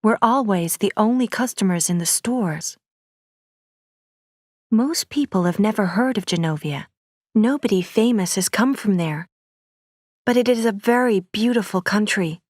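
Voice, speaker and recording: Clear, steady woman reading a story. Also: medium pitch, a little slow, pauses often, no room sound, clean studio sound. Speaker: audiobook reader. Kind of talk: graded-reader story narration.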